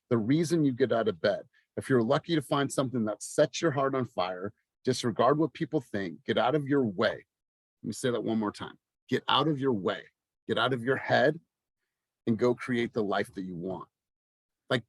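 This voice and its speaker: A man's voice: mid-range voice, no echo. Passionate, swearing man coaching a team. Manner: passionate, swears, rising to near-shouting. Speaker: sales coach. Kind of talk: motivational team meeting talk.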